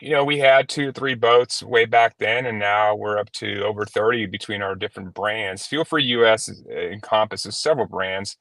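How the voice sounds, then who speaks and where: Low-voiced easygoing male guest. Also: steady tone, normal speed, hardly any pauses, a bit bright, no echo. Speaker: guest, kayak company representative. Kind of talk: casual interview answers.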